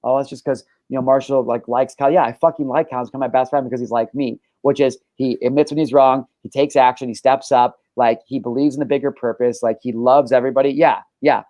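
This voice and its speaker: A man's voice: medium pitch, fairly even intonation, quick pace, few pauses, mellow, no echo. A man hosting a casual podcast, talking in a brash, boastful and profane way. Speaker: podcast host.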